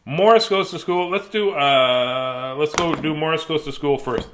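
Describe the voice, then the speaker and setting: A man in his fifties reads a children's book aloud live on his show, chatty and prone to rambling asides. His voice is on the high side and a little slow, with background noise audible.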